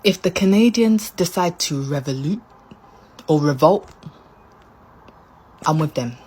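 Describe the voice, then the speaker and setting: A woman's voice: low-pitched, lively intonation, measured pace, darkish tone, a little hiss or hum. A British woman, a vlogger on holiday, ranting to the camera in a mock-outraged, exclaiming way and repeating herself for effect. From United Kingdom. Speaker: visiting vlogger.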